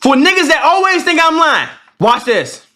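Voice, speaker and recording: A young man streams a casual storytime, cursing freely and acting out both sides of a quarrel. His pitch leaps all over and his voice is bright and sharp. The sound bounces around an echoey room. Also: moderate pace. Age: 20s. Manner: animated, profane, acts out both sides of the argument. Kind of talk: casual storytime to a live chat.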